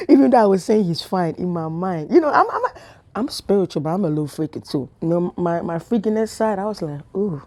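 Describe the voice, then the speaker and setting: A woman's voice: lowish voice, lively intonation, a little fast, a little mellow. A woman giving a casual spiritual talk to camera, telling chatty stories with laughs and whispered asides. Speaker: spiritual vlogger.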